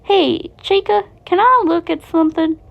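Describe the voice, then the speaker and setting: A blunt, suspicious male animatronic, as a woman puts him on, challenging others with slow questions. The voice is gravelly. The recording is dull and lo-fi. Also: very high-pitched, pitched above the performer's own voice.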